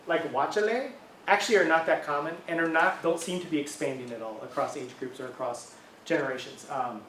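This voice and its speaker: A man's voice: on the high side, slight background noise. A middle-aged man giving a university linguistics talk, explaining in a casual, conversational way with frequent fillers and check-ins like "right?". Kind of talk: academic talk. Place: lecture room. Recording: echoey room, mic at a distance.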